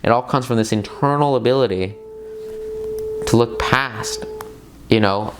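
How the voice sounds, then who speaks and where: A man's voice: mid-range voice, measured pace, noisy background. A man talks through a self-help book in a loose, motivational way. He keeps pushing his points with repeated words and eager emphasis, and often wanders off into casual side stories. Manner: excitable and emphatic, repeats words for stress, addresses viewers as "guys"; loose and rambling, with many fillers and side tangents.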